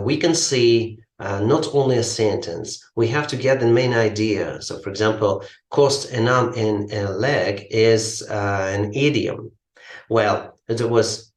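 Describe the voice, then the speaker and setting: A man teaches about his course at an unhurried, halting pace, stopping often on fillers. His somewhat low voice rings in an echoey room. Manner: slow, halting, many fillers. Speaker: English teacher. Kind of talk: explaining a language course.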